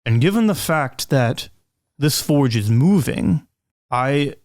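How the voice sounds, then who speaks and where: Man doing a befuddled waddling tabletop character, halting and puzzled, dry close sound. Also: mid-range voice, animated, a little mellow, no room sound. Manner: halting, puzzled, asks for explanations. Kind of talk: tabletop role-play voicing.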